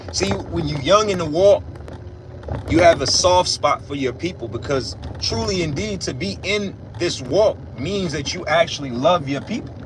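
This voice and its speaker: A man delivers a casual, preachy monologue from inside a car, blunt and full of profanity. His voice sits a little higher than most men's, and he punches his key points with loud bursts. A faint hum of the vehicle runs underneath. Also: animated, normal speed. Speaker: religious commentator.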